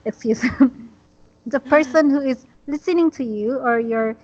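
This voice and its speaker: A woman teaching an English lesson, talking slowly and patiently with many fillers. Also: sits high, darkish tone, muffled recording.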